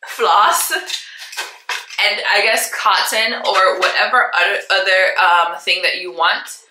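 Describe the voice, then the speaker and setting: A woman's voice: medium pitch, slow pace, echoey room, background noise. A woman, chatting effusively to viewers in a casual home vlog, recorded on a handheld camera in a room at home. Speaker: vlogger.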